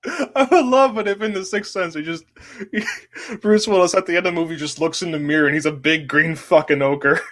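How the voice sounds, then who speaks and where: A man's voice: fairly high pitch, fairly quick, fairly bright tone. A man co-hosting a comedy podcast, joking around in casual banter and laughing often. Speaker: podcast co-host.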